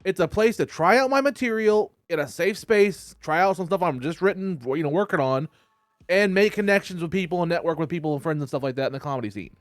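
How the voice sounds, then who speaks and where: A man's voice: a little high, no room sound, studio quality. A man guesting on a podcast as a stand-up comic, talking casually with swearing and laughs. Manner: quick, animated, profane.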